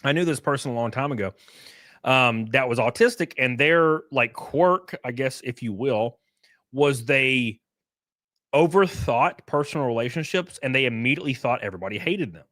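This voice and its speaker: A young male streamer with a very lively, up-and-down delivery, talking in a loose, rambling way and swearing often. His mid-range voice sounds dry and close to the mic. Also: mid-range voice, moderate pace, no echo. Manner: rambling and profane. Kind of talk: livestream commentary.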